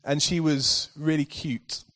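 A male preacher with a somewhat high voice, delivering a sermon to his church. He opens with warm personal storytelling, then rises into emphatic, forceful readings of scripture. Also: fairly even intonation, takes it slowly.

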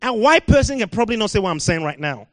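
A man from Africa preaching a sermon, swinging from quiet, musing talk to loud shouting and laughing at himself. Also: high voice, sing-song, fast, no echo.

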